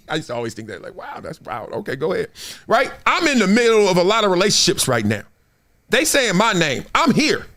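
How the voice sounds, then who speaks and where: A man in his forties hosting a casual sports talk stream, animated and trash-talking, slipping into put-on fan voices. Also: high voice, fairly quick. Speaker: show host.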